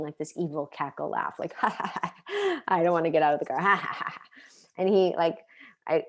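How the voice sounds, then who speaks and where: A woman in her thirties teaching an online parenting class, earnest and full of questions, sharing personal stories. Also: fairly low pitch. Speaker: parenting coach.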